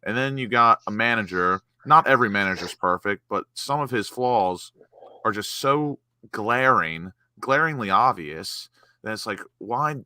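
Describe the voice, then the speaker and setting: A man's voice: lowish voice, sharp tone, clear, resonant tone, dry recording. A man in a casual post-match chat, angry, sighing and swearing heavily.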